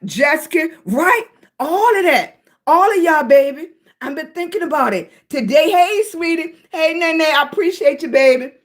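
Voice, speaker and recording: High-voiced affectionate woman streaming. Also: lively intonation, normal speed. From Virginia, US. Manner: affectionate, greets viewers as baby and sweetie. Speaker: live streamer. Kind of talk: casual livestream chat to viewers.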